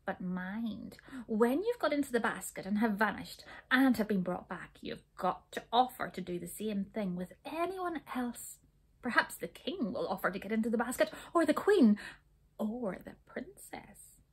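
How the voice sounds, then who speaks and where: A woman reading a storybook aloud, voicing a sly, scheming witch who talks slowly and coaxingly in a hushed, breathy voice. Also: on the high side, sing-song, heavily acted. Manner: slow, coaxing and conspiratorial.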